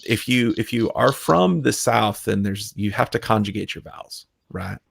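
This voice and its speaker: A man's voice: lowish voice, animated, moderate pace, vocal fry, husky. A man hosting a casual livestream chat over a video call, rambling and restarting, laughing often. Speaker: livestream host.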